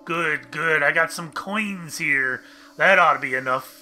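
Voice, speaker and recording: A man voicing a hairy male bridge creature in a game, with a deep gravelly voice, slow and coaxing. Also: sharp tone, soft background music, low-quality recording. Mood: pleased.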